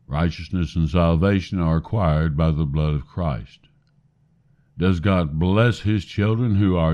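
A man with a very low voice preaches a sermon, putting earnest questions straight to his listeners. The recording sounds dull and lo-fi. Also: darkish tone.

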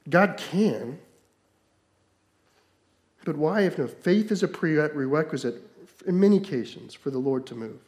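A male pastor preaching a sermon, moving between loud, emphatic stretches and hushed, slowed-down lines. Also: a little high, expressive.

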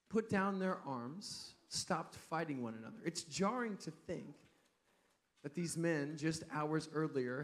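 Male preacher, slightly high pitch, conversational storyteller for a holiday sermon. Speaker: pastor. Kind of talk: Christmas Eve sermon.

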